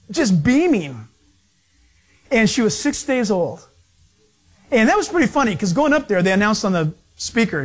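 A man preaching a sermon as a pastor, telling stories in an animated way and acting out the people in them. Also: high-pitched. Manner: animated storytelling with acted-out quotes.

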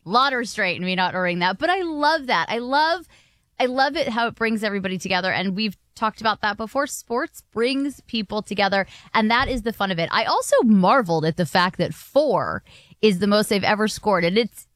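Lively female talk radio co-host. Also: mid-range voice, brisk, no room sound. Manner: lively, enthusiastic, self-deprecating. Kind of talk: casual talk radio chat.

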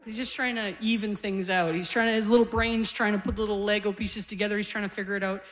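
A woman in her forties from Canada, performing stand-up comedy on a live stage. She talks in an easy, conversational way and lands punchy one-liners, at a middle pitch for a woman. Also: steady tone, quick pace. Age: 40s.

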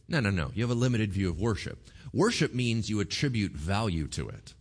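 A pastor preaching a sermon, animated and joking, acting out the quotes he reads. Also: on the low side, fairly quick. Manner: animated, jokey, acts out quotes.

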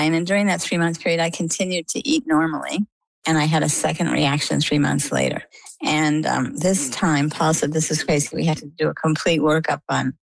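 An older woman recounting a personal story in an interview, animated and full of quoted dialogue. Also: sits low, vocal fry, dry recording, rough recording. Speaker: interview guest. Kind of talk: conversational storytelling. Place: lives on the coast of Maine.

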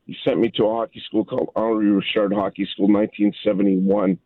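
Gravelly older caller on a tinny phone line. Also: male voice, lowish voice, sing-song, fast, no room sound. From Montreal area, Canada. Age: 50s. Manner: heartfelt, rambling, quotes people in their voices. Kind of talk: phone-in storytelling.

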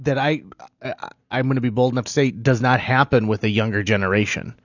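A man's voice: mid-range voice, steady tone, fairly quick. A man co-hosts a radio show, chatty and enthusiastic, stumbling and restarting his sentences. The studio is dry with no echo, and the sound is slightly muffled. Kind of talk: casual radio conversation.

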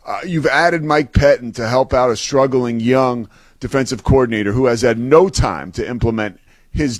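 A man's voice: medium pitch, no echo. A man co-hosting a sports talk show, breaking down football in a casual, conversational way with lots of fillers and restarts. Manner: conversational, filler-heavy, repeats words when starting.

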